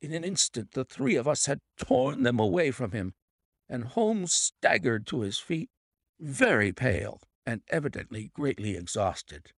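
A man narrating a detective mystery audiobook with dramatic, expressive storytelling. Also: medium pitch, unhurried, vocal fry, no echo, studio quality. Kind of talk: scripted narration.

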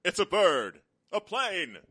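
A man voicing a dramatic show-intro announcer, drawing out each phrase slowly. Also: high-pitched, big pitch swings, bright, forceful tone, breathy edge, full character voice. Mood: grandiose.

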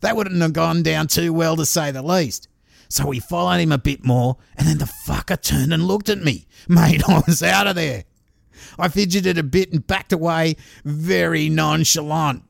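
A man's voice: on the high side, normal speed, gravelly, no room sound. A man hosting a true crime podcast, reading out a listener's story in a casual, profane way and chuckling along as he goes.

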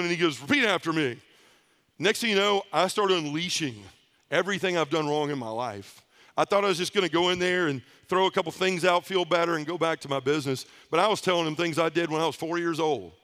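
A man's voice: a little high, fast. A middle-aged man from the Memphis area telling his life story at a men's conference, acting out the other people in it. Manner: animated storyteller acting out voices. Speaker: conference speaker. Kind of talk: storytelling testimony talk.

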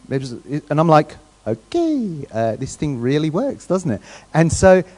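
A man preaching a sermon in a church in a relaxed, conversational way, often checking in with the congregation. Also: fairly high pitch. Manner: conversational, asks the crowd questions, restarts often. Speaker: guest preacher.

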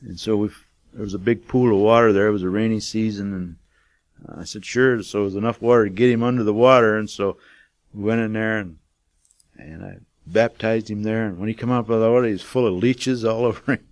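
A man's voice: fairly low pitch, steady tone, brisk, no echo. An older man, a missionary, telling a testimony in a folksy, rambling way with many fillers. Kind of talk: casual storytelling testimony.

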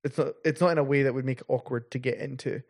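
Halting male game master. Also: mid-range voice, fairly even intonation, gravelly. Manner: halting, many restarts and fillers. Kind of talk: narrating a tabletop game.

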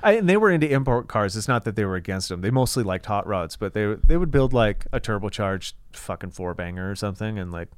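A man's voice: lowish voice, fast, hardly any pauses, clean tone, no room sound. A man co-hosting a podcast, telling a long profane story in casual chat and acting out the people in it. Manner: profane, animated storyteller quoting others. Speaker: podcast co-host.

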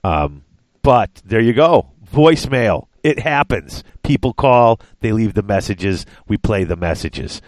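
A man's voice: on the low side, lively intonation, unhurried, no echo. Man, podcast host, casual rambling chat, dry close sound. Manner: rambling, chatty, stumbles over names.

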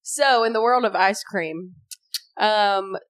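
A young woman, a guest in casual chat, bubbly and quick to laugh. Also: mid-range voice. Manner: bubbly, laughs easily, gushing.

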